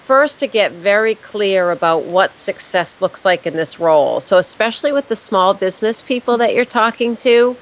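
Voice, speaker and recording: A woman's voice: medium pitch, poor audio. Woman consultant explaining step by step. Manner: emphatic, repeats key words. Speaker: business consultant. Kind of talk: interview answers.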